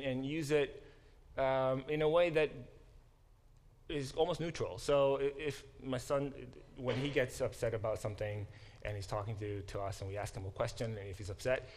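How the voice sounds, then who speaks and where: A male professor gives a classroom lecture at a medium pitch. He explains carefully, stops to unpack foreign terms, and voices quoted lines with dramatic emphasis. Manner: explanatory, pausing to unpack Hebrew words. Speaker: biblical studies professor.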